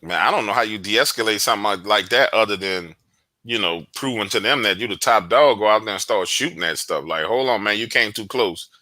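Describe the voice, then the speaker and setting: A man recounting events in casual chat, slangy and animated, cursing freely. His low-set voice has a very bright, forceful edge. The sound is dry and close. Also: a little fast, no echo. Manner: animated storyteller, slangy, profane. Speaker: guest investigator. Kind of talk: casual podcast conversation.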